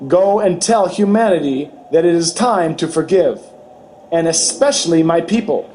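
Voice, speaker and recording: A man voicing a grave, tender Jesus who speaks slowly and solemnly in a dramatized testimony reading. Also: a little high, expressive, slight background noise, close to an everyday voice. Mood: pleading. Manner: slow, solemn, gently pleading.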